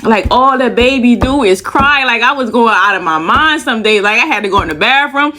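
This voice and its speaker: Breathless woman storyteller, bright and forceful tone, animated and profane, casual vlog delivery. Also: on the high side, brisk, a little hiss or hum. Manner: animated, profane, repeats phrases for emphasis. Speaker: storyteller vlogger.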